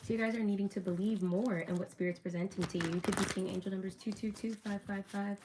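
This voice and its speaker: A woman's voice: mid-range voice, steady tone, quick pace, noisy background. A young woman casually chatting to her viewers while doing a tarot reading, upbeat and talkative. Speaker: tarot reader.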